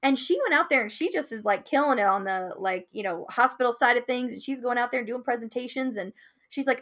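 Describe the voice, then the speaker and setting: A woman's voice: on the high side, a little fast. A woman guest who owns a marketing business, telling a client story in a casual interview and acting out the quoted lines. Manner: animated storyteller, acts out quotes.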